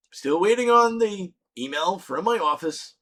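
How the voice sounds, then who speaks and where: A middle-aged man telling a comedic story with lots of swearing, shouting out his punchlines. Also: high-pitched, lively intonation, slow.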